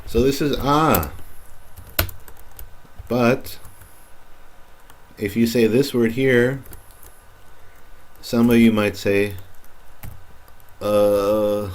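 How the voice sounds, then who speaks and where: A man's voice: on the low side, steady tone, extremely slow, long pauses, darkish tone. A man teaching Spanish pronunciation in a recorded lesson, patiently repeating each word for practice.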